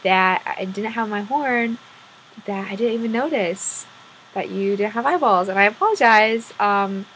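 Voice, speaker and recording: A hungover unicorn who lost his horn, voiced by a woman narrator. He stumbles over apologies in a fretful, flustered way. The pitch sits in a plain middle range, with faint background noise. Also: measured pace, fairly bright tone, close to an everyday voice, poor audio. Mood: apologetic. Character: drunk hornless male unicorn, apologetic and fretful.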